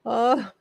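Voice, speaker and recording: A woman's voice: a little high, vocal fry, darkish tone, no room sound. Chatty woman with a dry, close sound. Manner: chatty, laughs often, drawls out names. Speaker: craft livestream host. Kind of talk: casual livestream chat greeting viewers. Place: home craft shed.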